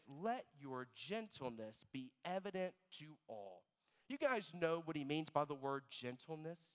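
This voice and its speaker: A man preaching a sermon as pastor, animated and storytelling, dropping low and quiet on key words. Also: smooth. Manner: animated storyteller, acts out both sides of little scenes. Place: church sanctuary. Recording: long reverb of a church hall.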